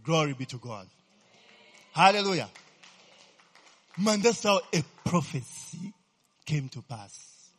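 A man with a high, husky voice teaches a sermon at an unhurried pace. He keeps checking whether his listeners understand and repeats questions so they can call back the answer. Hallelujah and glory be to God punctuate his points. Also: big pitch swings, fairly bright tone. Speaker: preacher.

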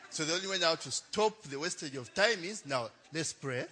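Young adult male pastor, lively pitch, higher voice, chatty storyteller. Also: normal speed. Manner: chatty, laughing, tags lines with "eh?". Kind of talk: storytelling sermon.

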